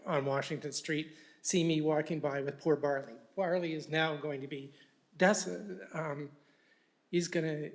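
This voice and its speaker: A man speaking as a resident at a council meeting, joking at first and then asking pointed questions. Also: a little high. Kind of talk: public comment. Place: council chamber.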